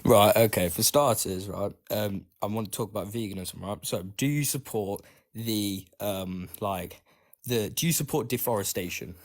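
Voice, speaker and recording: Man caller, lowish voice, hesitant, lots of fillers. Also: normal speed. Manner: hesitant, many fillers like "right" and "um". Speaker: debate caller. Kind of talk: online debate.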